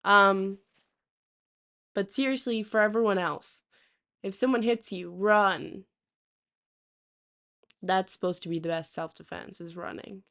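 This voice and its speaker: A woman's voice: mid-range voice, fairly even intonation, a little slow, pauses often, pushed and bright. A young woman streaming, telling a story to her chat in a casual, rambling way full of fillers and restarts. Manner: chatty, many fillers and restarts. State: hiccups.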